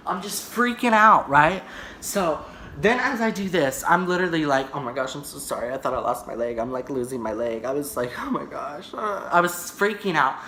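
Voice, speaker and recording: Bright-voiced man telling a dramatic story. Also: fairly high pitch, a little hiss or hum. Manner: dramatic, rambling storytelling with frequent "right?". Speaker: vlogger. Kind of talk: storytime vlog. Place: indoor room, on camera. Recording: echoey room.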